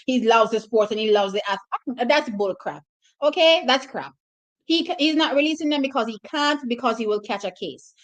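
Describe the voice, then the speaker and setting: Jamaican woman host, slightly high voice, chatty live-stream commentary, reacts to chat. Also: a bit bright. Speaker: livestream host. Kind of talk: casual livestream commentary.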